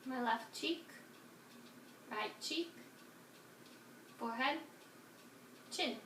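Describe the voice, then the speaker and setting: A woman's voice: high voice, extremely slow, a bit bright. A woman patient giving brief, compliant answers during an exam. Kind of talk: short replies in a clinical demonstration. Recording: roomy, distant mic, audible hiss.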